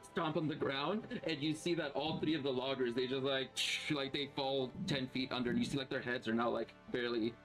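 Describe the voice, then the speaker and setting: A man's voice: medium pitch, a little fast, few pauses, faint music behind. Chatty man narrating as game master. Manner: animated, laughs often, fills with "like" and "uh".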